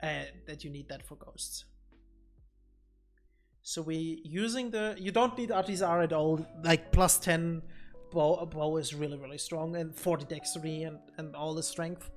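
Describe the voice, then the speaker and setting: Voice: medium pitch, steady tone, unhurried, soft background music. A streamer giving casual gameplay commentary on a desk mic, thinking aloud and often repeating words while explaining boss fights.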